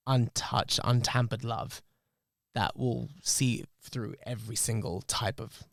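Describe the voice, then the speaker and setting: A man's voice: mid-range voice, steady tone, takes it slowly, creaky, no room sound, clean studio sound. Candid man, emotional and reflective. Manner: emotional, reflective, swears freely. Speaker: podcast host. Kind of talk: candid podcast storytelling.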